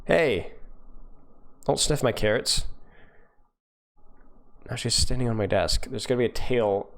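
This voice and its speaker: A man's voice: medium pitch, a little slow, creaky. A young man coaching live on stream, reviewing gameplay in a casual, joking way and answering his viewers. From United States.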